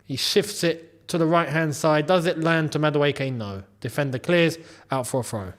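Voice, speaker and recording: Young man, high voice, animated football watchalong host, scolds players. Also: normal speed. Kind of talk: live match reaction commentary.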